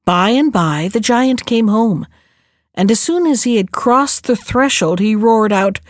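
A woman narrating a fairy tale in a clear, measured storybook reading. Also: fairly high pitch, no room sound, studio quality.

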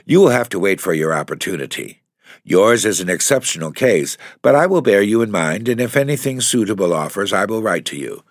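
A man's voice: on the low side, sing-song, a little fast, no room sound, clean studio sound. A man reading aloud, voicing a haughty, severe woman who runs an employment agency in a storybook. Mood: cold. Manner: crushing, severe, condescending.

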